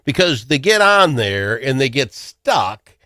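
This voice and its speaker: A man's voice: mid-range voice, a little slow, no room sound, studio quality. A middle-aged man hosting a talk show, telling jokey stories in casual chat. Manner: animated, jokey storytelling. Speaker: radio talk show host.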